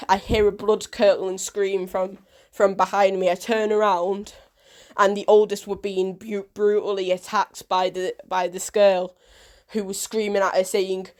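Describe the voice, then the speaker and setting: A woman recounts a personal story straight to her camera in an animated storytelling voice. She slips into the voices of the people she quotes as she goes. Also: medium pitch, measured pace. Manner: animated storyteller who acts out quoted dialogue. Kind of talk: storytime vlog.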